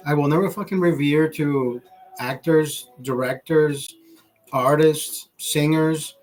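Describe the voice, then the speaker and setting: A man hosting a live stream, ranting in a rambling, profane way with laughing asides. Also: fairly high pitch. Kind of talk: livestream rant.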